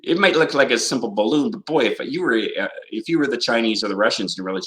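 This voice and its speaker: A man's voice: mid-range voice, lively intonation, fast talker, hardly any pauses, a bit bright, low-quality recording. Rambling, laughing Canadian man on a video call. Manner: rambling, laughs often, jokey. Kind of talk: casual chat on a video call.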